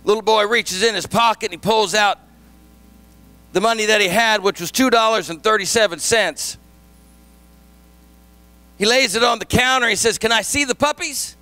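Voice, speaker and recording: A male pastor delivers a sermon, moving from a gentle story into emphatic, shouted preaching. His voice sits very high for a man and sounds bright and sharp. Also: moderate pace, long pauses, dry recording, faint music behind.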